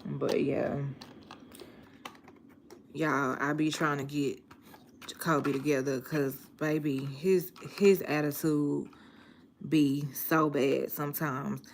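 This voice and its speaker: Lady in her 30s just chatting to her viewers, laid back and slow, kinda low voice. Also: creaky, slight background noise. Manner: relaxed storytelling with slang. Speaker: vlogger. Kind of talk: casual chat to viewers.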